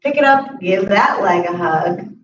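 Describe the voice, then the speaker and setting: A woman teaching a chair yoga class, calmly cueing each breath and movement. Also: mid-range voice, unhurried. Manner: calm instructive cueing of breaths and moves. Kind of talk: guided exercise class. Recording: roomy, distant, muffled audio with faint hiss.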